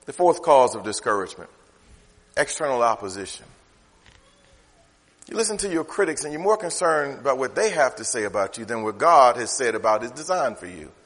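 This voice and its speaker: A man's voice: medium pitch, very animated, brisk, fairly bright tone, long reverb tail. A man preaching a sermon, talking conversationally and firing off rhetorical questions. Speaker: pastor.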